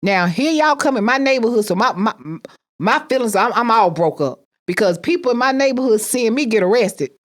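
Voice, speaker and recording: A woman's voice: fairly high pitch, expressive, fairly quick. A woman telling a personal story with emphatic repetition, acting out the people she quotes. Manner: emphatic, repeats phrases, acts out quoted voices.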